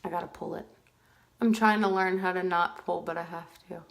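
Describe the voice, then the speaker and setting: A woman's voice: lowish voice, fairly even intonation, fairly quick, creaky, roomy sound. A chatty woman giving a casual live makeup tutorial at home, greeting viewers by name as she works. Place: at home, with dogs nearby.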